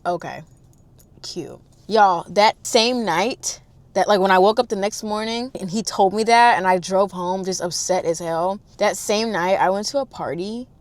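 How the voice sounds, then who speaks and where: A woman in her twenties telling a storytime vlog in a dramatic, animated, chatty way, talking straight to her audience. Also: mid-range voice, normal speed, no echo. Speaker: storytime vlogger.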